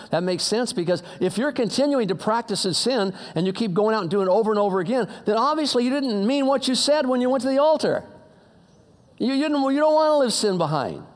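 A man preaching a sermon in a conversational way, dropping low to muse and rising to emphatic appeals, with casual slang and frequent restarts. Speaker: pastor.

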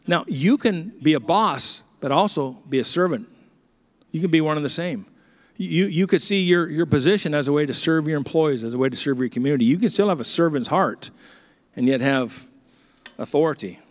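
A middle-aged male pastor preaching, his voice sitting a touch higher than most men's. He tells stories in a conversational way and jumps into the voices of the people in them. His delivery moves from chatty asides to slower, earnest points. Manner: storytelling, acts out dialogue with animated swings. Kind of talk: sermon.

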